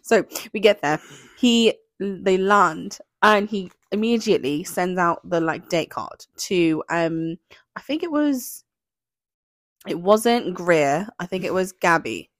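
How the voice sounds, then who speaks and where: A woman's voice: fairly low pitch, expressive, slow pace, dry recording, clean studio sound. A woman co-hosting a podcast in casual chat, recapping a show in a gushing, gossipy way full of "like.". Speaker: podcast co-host.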